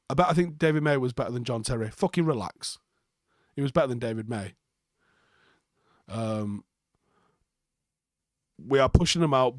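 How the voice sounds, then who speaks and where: Young bloke on a football stream, sweary and sarcastic, mid pitch, dry close sound. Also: male voice, no echo. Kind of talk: live post-match chat reading viewer comments.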